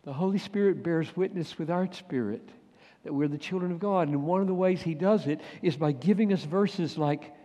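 A man's voice: on the high side, normal speed. Man preaching in a reverberant hall. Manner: swings from loud urgent bursts to hushed near-whispers. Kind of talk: sermon.

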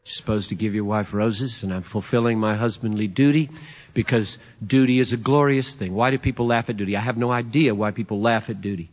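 A man in his fifties preaching a sermon, emphatic and playful, swinging from loud to hushed. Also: fairly low pitch, steady tone, brisk, lo-fi sound. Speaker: pastor.

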